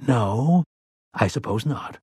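A man's voice: medium pitch, lively intonation, takes it slowly, darkish tone, husky, no room sound, studio quality, voice pushed up, heavily acted. A man voicing an eager, folksy village foreman in an audiobook.

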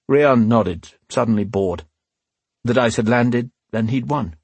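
A man narrating a fantasy novel as an audiobook in a steady, even storytelling manner. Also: mid-range voice, unhurried, breathy edge, no echo.

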